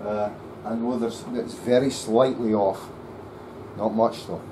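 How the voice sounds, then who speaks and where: A man working as a luthier, muttering to himself as he sets up a bass in his workshop. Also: fairly even intonation, a little slow, background noise. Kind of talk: workshop commentary.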